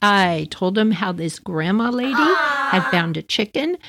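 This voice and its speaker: A woman's voice: medium pitch, measured pace, very noisy. A woman podcast host telling a story in a casual, amused way. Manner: animated, amused, jumps into quoted voices.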